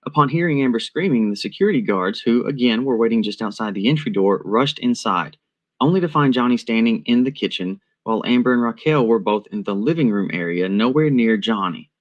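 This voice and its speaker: Measured, analytical man narrating a commentary. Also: lowish voice, muffled recording.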